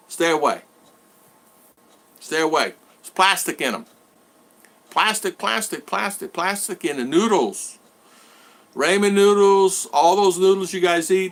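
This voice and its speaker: A man's voice: sits high, fairly bright tone. A man hosting a casual live stream from his home in the Philippines, rambling and repeating himself while greeting viewers by name.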